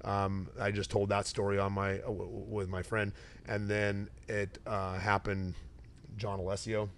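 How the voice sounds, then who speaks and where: A middle-aged man, a retired fighter hosting a relaxed interview, tells stories in a slightly low voice. He gets animated and acts out the voices of people in his anecdotes. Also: unhurried, slight background noise. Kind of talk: casual interview chat.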